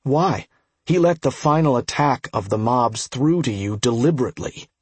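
A man playing a calm young healer. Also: medium pitch, normal speed, breathy edge, no room sound.

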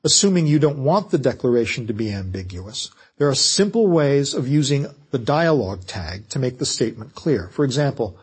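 A man lectures on fiction writing in a measured, explanatory way. His voice has a husky, slightly breathy edge, and his pitch sits in an ordinary middle range for a man. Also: very animated. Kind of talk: scripted lecture.

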